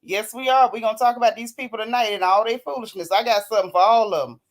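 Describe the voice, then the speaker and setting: A woman's voice: a little high, quick pace. A sick, worn-out woman hosting a casual livestream, greeting her viewers by name in a folksy, teasing way and calling them sis and child. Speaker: livestream host.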